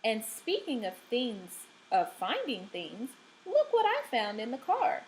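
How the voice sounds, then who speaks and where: A woman's voice: on the high side, lively intonation, slow pace, a little mellow, a little hiss or hum, rough recording. A woman reading as a kindly dad. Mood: cheerful. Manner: read aloud with stressed words. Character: kindly dad speaking to his son.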